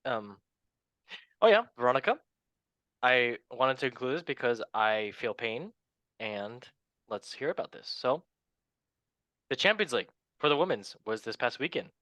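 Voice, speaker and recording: Lively, jokey male podcast host. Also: mid-range voice, moderate pace, long pauses, no room sound, rough recording. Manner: upbeat, jokey, rambling. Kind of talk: casual sports chat.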